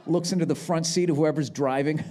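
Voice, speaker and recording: A man doing live stand-up, ranting sarcastically and profanely, with shouted bursts, on a handheld mic before a big crowd. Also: on the high side, fairly even intonation, fairly quick, background noise. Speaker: stand-up comedian. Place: large live venue with audience. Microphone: handheld microphone.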